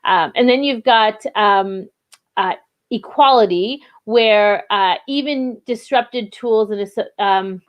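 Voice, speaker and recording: A woman talks through a diversity training session in a relaxed, conversational way. Her voice sits in a middle pitch, and she leans often on fillers and restarts as she explains. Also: slow, lo-fi sound. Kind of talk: casual live webinar talk.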